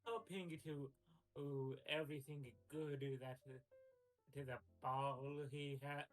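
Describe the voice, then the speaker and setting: A man playing a tabletop game, describing his character's actions in a halting way with restarts. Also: a little high, steady tone. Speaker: player. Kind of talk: casual in-game narration. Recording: faint music behind.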